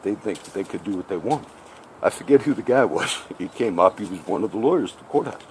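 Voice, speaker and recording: A man telling a personal story in casual speech, animated and acting out both sides of the conversation. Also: fairly low pitch, quick pace, slight background noise. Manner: animated, acts out each side of the dialogue; repeats "I said" often. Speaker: storyteller recounting a personal legal run-in.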